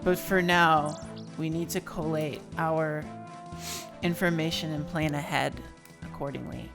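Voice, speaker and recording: A woman's voice: low voice, fairly even intonation, measured pace, over music. A woman doing a posh old knight commander. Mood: briskly official. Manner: posh, fussy old-fashioned phrasing. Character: pompous jolly old British male knight commander.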